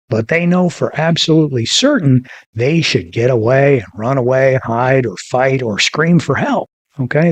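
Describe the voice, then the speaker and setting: A man's voice: on the high side, darkish tone. A man hosting an informal teaching talk in a folksy way, often repeating himself and asking his listeners rhetorical questions. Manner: repeats phrases for emphasis. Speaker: podcast host.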